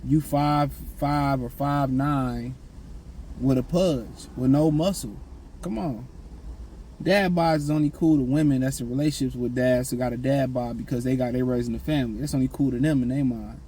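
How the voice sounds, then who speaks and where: A man's voice: mid-range voice, fairly even intonation, normal speed, warm tone, slight background noise, poor audio. A man giving blunt, slangy dating and self-improvement advice in a casual, repetitive monologue.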